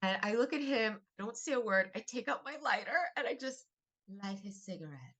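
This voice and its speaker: A woman comedian telling a story as a podcast guest, animated and theatrical. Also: fairly high pitch, a little fast. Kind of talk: storytelling in casual chat.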